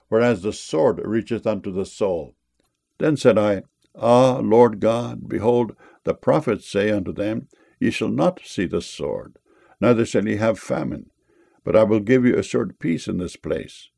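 A man reading scripture aloud in a solemn, measured way, slowing down on the cries of "Ah". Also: medium pitch, gravelly, a little mellow. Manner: solemn, slow on each "Ah, Lord God".

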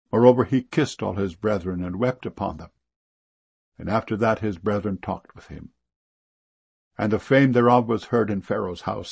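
Male scripture reader, low gravelly voice with a husky edge, measured and solemn delivery. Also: darkish tone, no echo, highs cut off. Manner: measured, archaic phrasing.

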